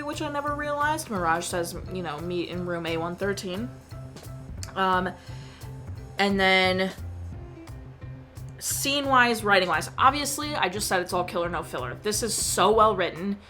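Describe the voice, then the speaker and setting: Woman, casual movie review, enthusiastic, chatty, filler-heavy, soft music in background. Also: mid-range voice, animated, normal speed. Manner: enthusiastic, gushing, heavy use of "like". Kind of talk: casual chat.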